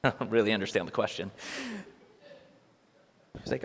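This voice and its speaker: A man's voice: medium pitch, very animated, brisk, pauses often, fairly bright tone, long reverb tail. A young man telling a church audience his own story in a talk, acting out both sides of conversations with dry humor. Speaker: speaker sharing a testimony.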